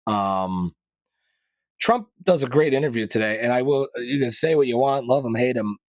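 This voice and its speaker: A man's voice: medium pitch, moderate pace, dry recording. A man hosting a podcast, chatting loosely through current events with rambling, opinionated asides and casual slang. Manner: mild profanity, casual slang. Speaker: podcast host. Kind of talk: casual news commentary podcast.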